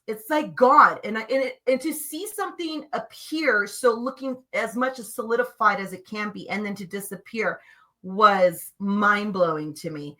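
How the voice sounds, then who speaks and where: Bright-voiced woman telling animated stories. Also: medium pitch, normal speed. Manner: animated, emphatic, acts out quotes. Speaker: podcast guest. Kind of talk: casual spiritual storytelling.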